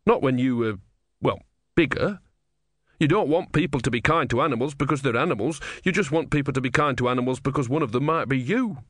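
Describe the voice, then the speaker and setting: A man's voice: medium pitch, animated, a little fast, fairly bright tone, no room sound, clean studio sound, voice pushed up. A man voicing a grumpy tortoise god. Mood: exasperated. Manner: sarcastic, exasperated. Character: grumpy bitter male god stuck as a small tortoise.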